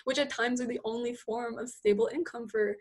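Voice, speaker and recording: A woman in casual conversation, telling animated stories and acting out what people said, with lots of "like" in her speech. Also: on the high side, brisk. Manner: animated storytelling, many "like"s, acts out quotes. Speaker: guest. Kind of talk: casual chat.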